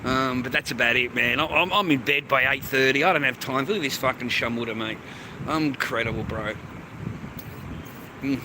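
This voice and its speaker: A man's voice: mid-range voice, moderate pace, noisy background. An Australian man hosting a livestream, ranting crudely and profanely and calling everyone mate. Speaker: livestream host. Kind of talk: rambling livestream rant.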